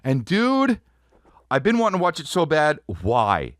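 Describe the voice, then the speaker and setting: A man hosting a podcast, telling a comedic story in an animated, profane way, close to the mic. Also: on the high side, a little slow, no echo. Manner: animated, profane, peppered with "dude". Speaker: podcast host.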